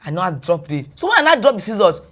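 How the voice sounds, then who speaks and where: A Nigerian woman, a guest on a podcast, retelling a personal story in animated English mixed with Pidgin. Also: lowish voice, fast talker.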